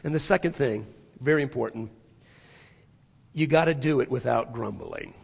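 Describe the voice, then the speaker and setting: A male pastor preaching a sermon in a church, swinging from loud, emphatic passages to near-hushed ones. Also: medium pitch, moderate pace, vocal fry, husky, big-room sound.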